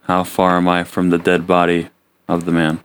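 A man's voice: deep voice, monotone, normal speed, clear, resonant tone. A man playing a tabletop game who checks the rules carefully and asks many questions. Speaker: player.

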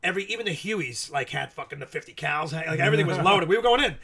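A man's voice: fairly high pitch, expressive, fast talker, creaky, pushed and bright. A man in his late forties, a podcast guest, telling profane, rambling war stories with lots of laughter. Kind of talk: casual storytelling.

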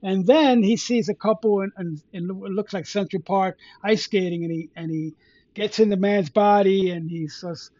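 A man's voice: high-pitched, steady tone, moderate pace, warm tone, dry recording, highs cut off. A man co-hosting a podcast, loosely retelling a story in casual chat and leaning on "you know" fillers. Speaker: podcast co-host.

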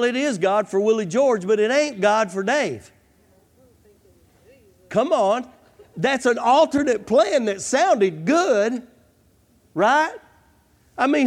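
Fervent preacher, male, high-pitched voice with an unhurried delivery, sermon pacing. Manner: fervent, repeats "come on" and "I'm telling you". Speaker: pastor.

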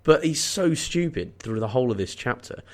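A man's voice: mid-range voice, expressive, normal speed. A young man co-hosting a casual podcast chat, giving wry, opinionated takes with jokey asides. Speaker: podcast co-host. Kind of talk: casual book discussion.

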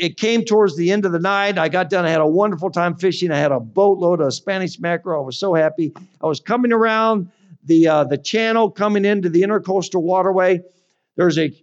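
High-voiced man preaching a sermon. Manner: animated storytelling with sudden loud high bursts and quiet drops. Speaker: pastor. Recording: dull lo-fi recording.

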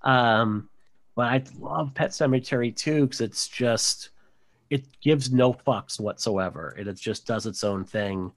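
A man's voice: medium pitch, measured pace. A man co-hosting a podcast, rambling casually about horror movies with many fillers. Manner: rambling, lots of "like" and "um". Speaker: podcast co-host.

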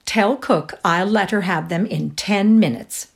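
A woman voicing a fussy, flustered upper-class mother who gives brisk orders in a raised voice. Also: lowish voice, animated, a little mellow. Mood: firm. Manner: dreamy and vague, then brisk and commanding.

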